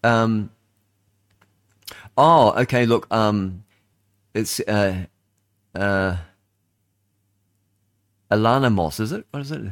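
A man's voice: fairly low pitch, slow pace, pauses often, dry recording, studio quality. An older man hosting a talk-radio show, rambling and chatty with lots of fillers and restarts. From New Zealand. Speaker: radio host. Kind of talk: casual talk-radio monologue.

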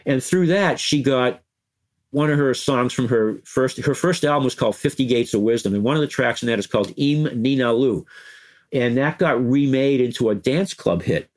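Older man telling animated stories. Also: mid-range voice, moderate pace. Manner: animated, chuckling storyteller who breaks into quoted voices. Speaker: interview guest, former music news editor. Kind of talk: anecdotal interview storytelling.

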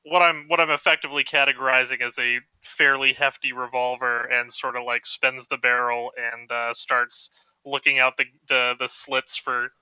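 A man's voice: medium pitch, flat delivery, moderate pace, bright, forceful tone, smooth, dry recording, low-quality recording. A man playing in a tabletop game, describing his character's actions hesitantly and with stumbles. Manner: hesitant, stumbling over words. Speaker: player.

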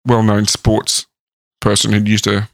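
A man's voice: fairly low pitch, monotone, a little slow, vocal fry, no echo, studio quality. A man co-hosting in casual chat, jumping in with eager asides. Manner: chatty, jumps in with asides. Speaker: podcast co-host.

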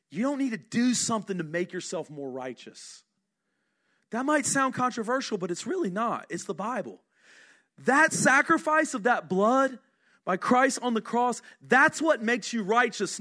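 A middle-aged man, a senior pastor, preaching a sermon in an earnest, conversational way, asking the congregation questions and dropping his voice for quiet emphasis. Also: high voice, vocal fry.

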